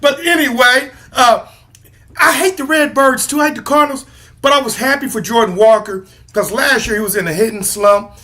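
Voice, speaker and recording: High bright-voiced man ranting about sports. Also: fairly quick. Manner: rambling, joking, trash-talking. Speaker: co-host. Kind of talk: casual sports chat.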